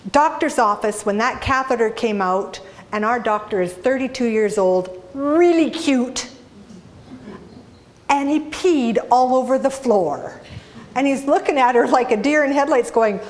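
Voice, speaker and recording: A woman from Canada gives a humorous inspirational talk with a somewhat high voice. She tells stories with animated delivery and often asks the audience questions. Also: measured pace. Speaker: inspirational speaker. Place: speaking to a live audience.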